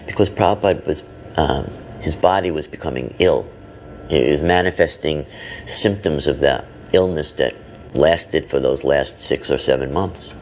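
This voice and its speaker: A man recalling past events as a devotee, thoughtful and pausing. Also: rumbling low, darkish tone. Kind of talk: reflective recollection.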